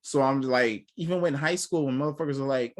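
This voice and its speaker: Casting: young man, mid-pitched, casual co-host, blunt and profane, acts out quotes. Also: brisk. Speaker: podcast co-host. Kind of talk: casual chat.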